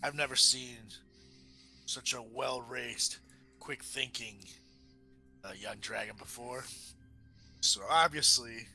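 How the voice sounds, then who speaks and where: A man playing a gravelly old sailor veteran. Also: medium pitch, slow, long pauses, pushed and bright, soft background music, full character voice. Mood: praising. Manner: folksy, courtly, full of fillers. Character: grizzled battle-worn male sailor veteran, blunt. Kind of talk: in-character tabletop role-play.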